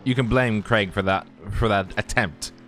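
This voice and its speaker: A man hosting live sim-racing commentary, relaxed and bantering with his co-host. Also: lowish voice, normal speed, slight background noise. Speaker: lead commentator. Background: race car engines and music.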